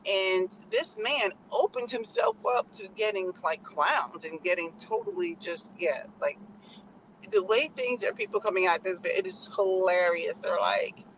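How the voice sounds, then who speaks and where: A woman's voice: medium pitch, expressive, measured pace, highs cut off, slight background noise. An American woman vlogging in casual, opinionated chat, rambling with lots of "like" fillers. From United States.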